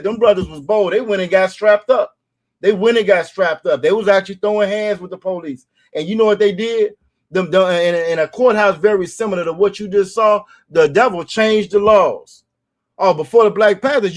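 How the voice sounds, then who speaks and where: A man hosting a casual commentary podcast, talking emphatically, repeating phrases and asking "you feel me?". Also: high-pitched. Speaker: show host.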